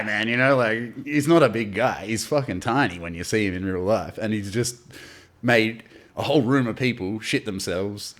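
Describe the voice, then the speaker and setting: A man's voice: lowish voice, moderate pace. Swearing Australian man telling stories. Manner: swears freely, animated anecdotes with quoted voices. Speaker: podcast guest, artist. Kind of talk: casual chat, storytelling.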